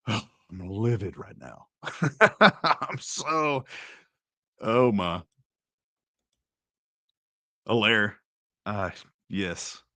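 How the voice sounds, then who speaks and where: Sarcastic slow-talking male host. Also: on the low side, expressive, bright, forceful tone, dry recording. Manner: sarcastic, mock-indignant, slow and drawn out. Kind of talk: casual commentary.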